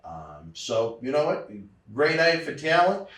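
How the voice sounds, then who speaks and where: A man's voice: fairly high pitch, big pitch swings, unhurried, fairly bright tone. Man hosting an interview in an echoey room. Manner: brief affirmations, friendly questions. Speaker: interviewer, host. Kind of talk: casual interview. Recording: echoey room, distant mic.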